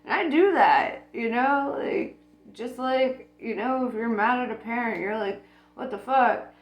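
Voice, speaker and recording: Slow, blunt woman in an echoey room. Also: fairly high pitch, expressive, highs cut off. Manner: blunt, swears freely, laughs often. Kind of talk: casual spiritual monologue. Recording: echoey room with faint music.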